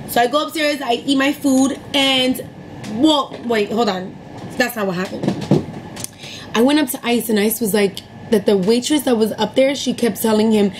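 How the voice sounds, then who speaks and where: A woman's voice: a little high, moderate pace, a little hiss or hum, low-quality recording. A young woman retelling a restaurant dispute in a heated, profane storytime rant, working herself up as she goes. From New York City area. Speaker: vlogger telling a story.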